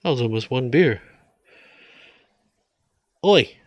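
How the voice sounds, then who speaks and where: Drawling man, low and dry. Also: steady tone, measured pace, no echo. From United States. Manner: rambling, drawling, folksy. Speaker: vlogger. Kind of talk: casual beer-drinking monologue.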